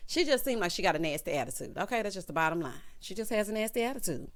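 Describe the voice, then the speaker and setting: Woman vlogger, sassy gossip recap, lively swinging pitch, talks right to viewers. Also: rapid-fire. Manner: sassy, gossipy, addresses viewers as honey and child. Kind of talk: casual commentary.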